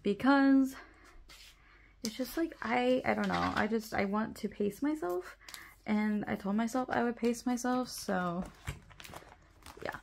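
Young woman rambling about her collection, bit of vocal fry, laughs a lot, faint hiss behind. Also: fairly high pitch, unhurried, long pauses, darkish tone. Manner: rambling, laughs often, self-correcting. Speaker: vlogger sorting photocards. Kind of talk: casual chat.

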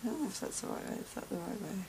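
A woman opening gifts in a casual vlog, talking softly and slowly, gasping and gushing over each item. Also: mid-range voice, very animated, noisy background. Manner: soft, slow and gushing, many gasps and sighs. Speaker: craft vlogger opening gifts.

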